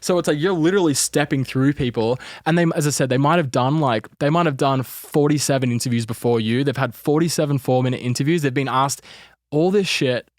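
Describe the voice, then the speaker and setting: A man's voice: medium pitch, a little fast, a little mellow, no echo, studio quality. A man with an Australian accent, chatting casually on a podcast as a guest, rambling and full of fillers. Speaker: entertainment reporter guest.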